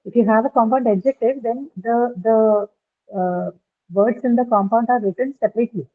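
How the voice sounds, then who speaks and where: A woman's voice: on the high side, fairly even intonation, normal speed. A woman teaching an online lesson, explaining patiently and checking in with "right?". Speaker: English teacher. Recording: tinny phone-like call audio.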